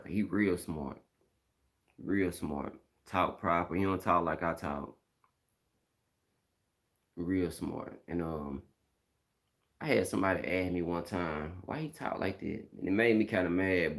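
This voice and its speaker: A man's voice: sits low, a little slow, long pauses, a bit bright. A middle-aged man from Mississippi with a Southern accent, talking bluntly and casually on a live stream, repeating his points in slang.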